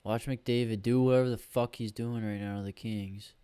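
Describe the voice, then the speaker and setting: A man's voice: lowish voice, fairly even intonation, moderate pace, dark tone, clear, resonant tone, no room sound. A man hosting a solo podcast on a USB microphone, rambling and grumbling with lots of swearing. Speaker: podcast host.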